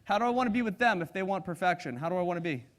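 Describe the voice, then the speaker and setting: High-voiced energetic male seminar trainer. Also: rapid-fire. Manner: energetic, audience-engaging, acts out personality types. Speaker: sales trainer. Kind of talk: live seminar talk. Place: seminar room with audience.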